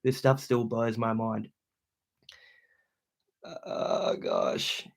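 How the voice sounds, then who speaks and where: A young adult man with an Australian accent, chatting loudly and casually on a livestream as he reads out viewer comments, full of slang. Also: on the low side, huge pitch swings, drawn-out words, vocal fry. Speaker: YouTuber hosting a livestream.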